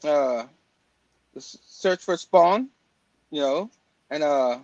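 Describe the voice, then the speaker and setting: A man's voice: on the high side, lively intonation, slow pace, a little mellow, dry recording, muffled recording. A man hosting a casual comic book talk show, rambling with lots of fillers and restarts. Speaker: podcast host. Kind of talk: casual chat.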